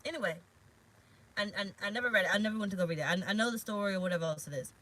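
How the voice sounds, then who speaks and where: A woman's voice: medium pitch, very fast, bright, forceful tone, poor audio. A woman tarot reader talking casually in a vlog, rambling and frank, swearing now and then. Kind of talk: casual spiritual vlog talk. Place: parked car.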